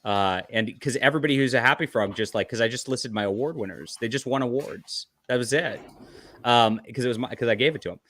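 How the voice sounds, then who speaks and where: A man hosting a podcast, telling a casual story in an animated way and laughing often. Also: mid-range voice, quick pace, dry recording. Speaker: podcast host.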